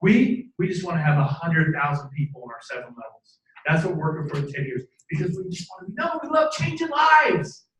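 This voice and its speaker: A man in his fifties giving an energetic motivational talk to a live audience, preachy and animated, with sudden shouted bursts and jokey asides. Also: fairly high pitch, quick pace, hardly any pauses. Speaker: motivational speaker at a team training event. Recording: echoey room from a distant mic.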